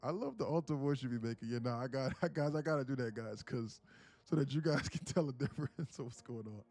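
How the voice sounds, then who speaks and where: Profane, laughing young livestream host. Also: male voice, medium pitch, animated, a little fast, a little mellow, soft background music. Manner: profane, rambling, laughs often. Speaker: day-trading livestream host. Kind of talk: casual live-stream chat.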